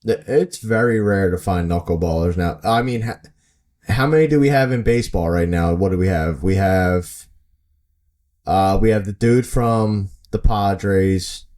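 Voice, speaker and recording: A man's voice: low-pitched, measured pace, darkish tone. A man co-hosting a podcast, chatting casually about baseball and acting out players' reactions with bursts of laughter. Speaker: podcast co-host. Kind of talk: casual sports chat.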